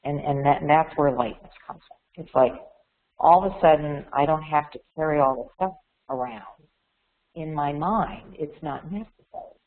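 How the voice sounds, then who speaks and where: A woman's voice: deep voice, moderate pace. A woman talks openly and reflectively to a webinar group, often doubling back on her words. Her voice comes through a thin, phone-like line. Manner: candid, repeats words and restarts often. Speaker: webinar speaker.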